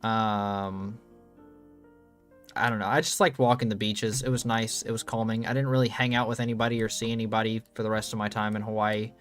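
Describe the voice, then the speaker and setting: A man's voice: lowish voice, little pitch movement, fairly quick, fairly bright tone, faint music behind. Rambling young man telling stories. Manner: rambling, loose, swears freely, many ums. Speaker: streamer. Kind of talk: casual storytelling stream.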